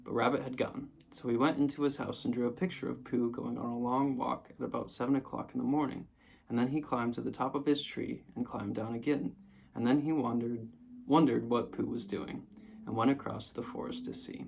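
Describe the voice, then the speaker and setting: A man reading a children's storybook aloud in a gentle, unhurried way. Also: mid-range voice, steady tone, creaky, a little hiss or hum, low-quality recording. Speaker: audiobook reader. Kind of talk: storybook narration.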